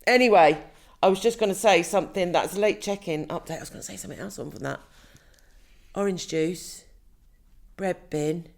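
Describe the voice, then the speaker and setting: A woman's voice: fairly low pitch, normal speed, gravelly. A woman co-hosting a podcast in casual chat, laughing often and swearing casually. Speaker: podcast co-host.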